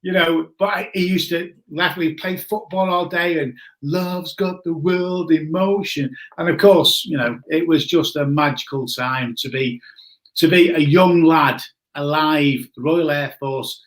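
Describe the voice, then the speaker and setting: Lively high-voiced Englishman in his forties. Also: a little slow. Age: 40s. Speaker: guest. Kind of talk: casual storytelling chat.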